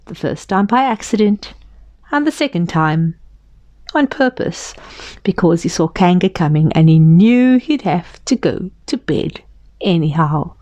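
Slow gentle woman storyteller. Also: on the low side, dry recording. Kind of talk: children's storybook reading. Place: library.

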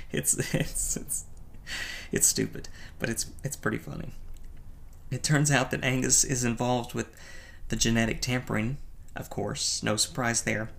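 A man's voice: medium pitch, little pitch movement, moderate pace, vocal fry, a bit bright, a little hiss or hum. A man giving a casual, wry film review, teasing himself and chuckling. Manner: wry, playfully self-mocking, with chuckles and stumbles. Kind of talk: casual movie review commentary.

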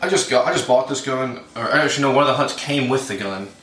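A young man in his twenties, a podcast co-host and hunting guide, tells a story casually and fast in a mid-range voice. He's profane and animated, acting out dialogue from both sides, recorded on a roomy, distant mic with faint noise.

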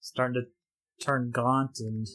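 A man co-hosting a podcast, giving casual film commentary in a rambling, halting way with quick laughs. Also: medium pitch, flat delivery, fairly bright tone. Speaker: podcast co-host.

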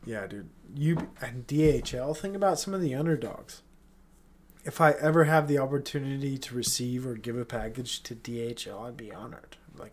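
A man's voice: mid-range voice, normal speed. Rambling, profane podcast host man. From Utah. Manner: rambling, profane, incredulous, many restarts. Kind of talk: casual solo rant.

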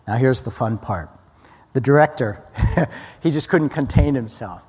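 A man's voice: mid-range voice, lively intonation, a little slow, a little mellow, husky. A man giving an earnest personal testimony as a guest speaker, often restarting his sentences. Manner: earnest storytelling, frequent restarts. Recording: long hall reverb.

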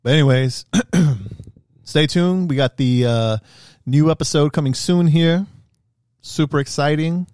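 A man's voice: a little high, a little slow, a little mellow, smooth, dry recording, studio quality. A man co-hosting a podcast, teasing and rambling in slangy, casual chat. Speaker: podcast co-host.

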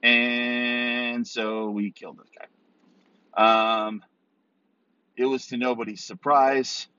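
A man's voice: mid-range voice, flat delivery, takes it slowly, pushed and bright, clear, resonant tone, dry recording. A man hosting his own podcast, talking casually and rambling with many ums and restarts. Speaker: podcast host. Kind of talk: casual solo podcast talk. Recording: dull, dry recording.

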